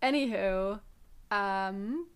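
A woman's voice: medium pitch, drawn-out words, clean tone. Brief: young woman podcast co-host, casual, laughing, swears freely. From upstate New York. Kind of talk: casual chat.

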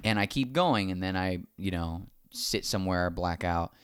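A man's voice: deep voice, moderate pace, smooth. A man casually telling a long anecdote, acting out the other people's lines as he goes. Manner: animated, acts out quoted dialogue.

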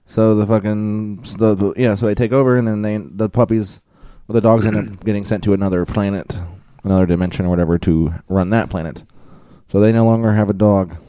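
A man's voice: fairly low pitch, fairly even intonation, brisk, warm tone, clean tone, no room sound. A man co-hosting a casual podcast, retelling scenes in a rambling way full of fillers and swearing. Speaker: podcast co-host. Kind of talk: casual chat.

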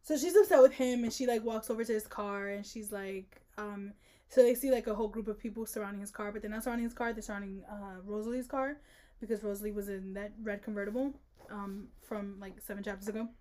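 A woman's voice: medium pitch, fairly even intonation, fast, dark tone. A woman co-hosting a casual book podcast, reading passages aloud and mocking them with sarcastic asides. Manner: sarcastic, mocking voices while retelling the book. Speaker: podcast co-host.

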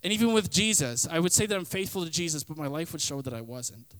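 A young man gives a youth sermon as a relaxed personal story, dropping fillers and acting out his own past lines for laughs. His voice sits a little high and comes through smooth and clear. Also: fast talker. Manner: casual storytelling with comic quoted voices; frequent fillers like "like" and "kinda". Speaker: youth pastor.

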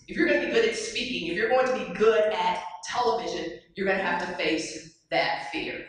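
A woman giving an animated motivational speech, telling stories and putting questions to an audience in a large hall. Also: medium pitch, brisk, hardly any pauses. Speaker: motivational speaker. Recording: very echoey hall, far mic.

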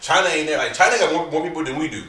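A man's voice: fairly high pitch, racing, pushed and bright. Slangy, joking man in a roomy room. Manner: loose, joking, slangy storytelling. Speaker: podcast host. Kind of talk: casual chat. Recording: roomy, distant mic with faint hiss.

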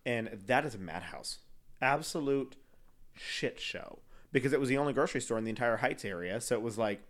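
A man's voice: mid-range voice, expressive, fairly bright tone. A man co-hosting a podcast in casual chat, telling stories and laughing often. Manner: storytelling, quick to laugh. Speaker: podcast co-host.

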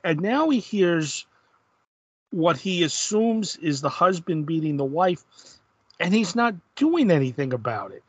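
Husky-voiced man retelling a comic plot. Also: fairly high pitch, sing-song, a little slow, no room sound. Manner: laid-back, retells the plot with frequent restarts. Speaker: podcast host. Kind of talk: casual comic book discussion.

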